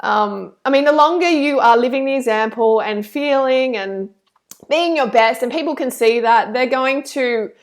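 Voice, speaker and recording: Woman live streamer, high voice, gushing thanks to donors then preaching earnestly. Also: normal speed. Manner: effusive, chatty, thanks donors warmly; earnest and preachy when campaigning. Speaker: live stream host reading super chats.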